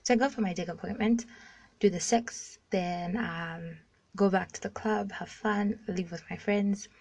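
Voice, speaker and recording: A Zambian woman in her twenties leaves a casual phone voice message telling a frank personal story. Her medium-pitched voice is steady, a little slow and a little mellow, and she talks bluntly, swears freely, and often uses "like" as a filler.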